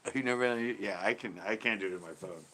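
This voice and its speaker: A man's voice: lowish voice, fast talker, a bit bright, a little hiss or hum. A man hosting a casual live stream, reading viewer chat in a laid-back, tired way, often chuckling and trailing off mid-sentence.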